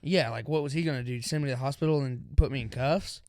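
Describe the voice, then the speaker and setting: Talking fast in a mid-range voice, a young man co-hosting a podcast spins a story during casual chat, performing the quotes of its characters with animation. The sound is dry and studio clean.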